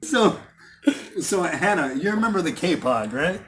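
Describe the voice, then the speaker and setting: A young man casually telling stories to friends, often laughing and acting out loud exclamations. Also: a little high, big pitch swings, measured pace, noisy background. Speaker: channel host telling stories. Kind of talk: casual storytelling among friends.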